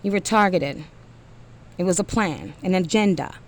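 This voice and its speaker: A woman's voice: lowish voice, normal speed. A woman giving a blunt, profane motivational rant to single mothers, emphatic and often trailing off with sighs.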